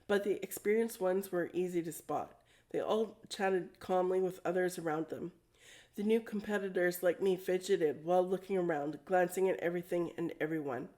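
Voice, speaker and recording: A woman reads a storybook aloud in a mellow, low-pitched voice. Her reading is plain and steady, and she corrects herself now and then. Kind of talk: storybook read-aloud narration.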